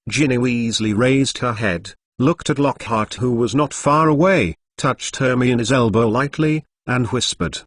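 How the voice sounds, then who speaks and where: Computer-read storybook, male voice, flat and steady, super dry close sound. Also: medium pitch, measured pace, few pauses, no room sound. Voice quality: flat text-to-speech reading, reads punctuation aloud. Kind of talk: audiobook narration of fan fiction.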